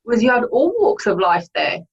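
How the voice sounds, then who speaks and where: A woman's voice: medium pitch, big pitch swings, normal speed, creaky, dull audio. A woman hosting an interview, encouraging her guest and sharing her own memories. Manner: encouraging, affirming. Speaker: host. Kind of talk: interview chat.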